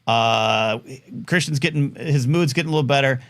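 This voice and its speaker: A man's voice: mid-range voice, moderate pace. A middle-aged man hosting a live talk show, telling a long rambling story with lots of fillers and restarts, and acting out the people in it. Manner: rambling, animated, full of fillers and restarts, acts out quoted voices. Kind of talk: casual storytelling monologue.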